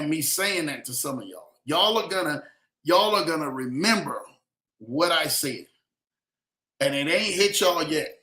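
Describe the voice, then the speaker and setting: A young man hosting a livestream, giving heartfelt motivational talk with lots of "man" and "y'all" and reading shout-outs to his chat. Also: a little high, echoey room, low-quality recording. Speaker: livestream host.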